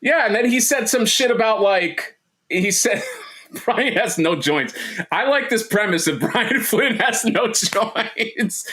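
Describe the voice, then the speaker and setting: A man's voice: sits high, expressive, slow, sharp tone. A man co-hosting a casual livestream chat, rambling and joking with lots of restarts and fillers. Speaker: co-host.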